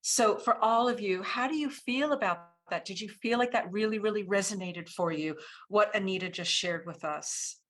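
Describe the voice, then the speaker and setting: A woman's voice: mid-range voice, normal speed, few pauses, a bit bright. A woman hosting a webinar, upbeat and gushing as she introduces the speakers. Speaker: webinar host. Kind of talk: hosting, enthusiastic moderation.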